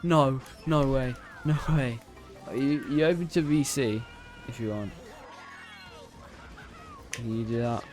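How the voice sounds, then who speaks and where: A male streamer talks to his chat at an unhurried, drawn-out pace, rambling and interrupting himself as he plays. His voice sits at an ordinary middle pitch. Faint music plays behind him. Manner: bursts into loud repeated "no, no" while playing. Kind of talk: casual live-stream chat while gaming.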